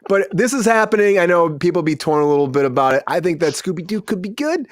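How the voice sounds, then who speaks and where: A man's voice: sits high, lively intonation, fast, no echo, clean studio sound. A man hosting a casual comedy news chat on a video call, upbeat and hyping the others up. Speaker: host.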